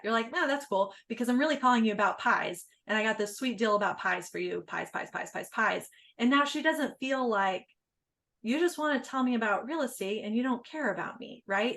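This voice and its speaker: A woman coaching real estate agents, chatty and energetic, acting out sample phone calls. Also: a little high. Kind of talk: coaching webinar talk.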